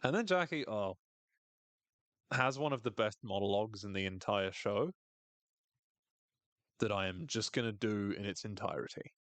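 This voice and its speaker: Wry male podcast co-host, lowish voice, dry close sound. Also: normal speed, long pauses, a bit bright, no room sound. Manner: dry, wry humor, reads quotes in a voice. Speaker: podcast co-host recapping a TV episode. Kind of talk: casual podcast recap.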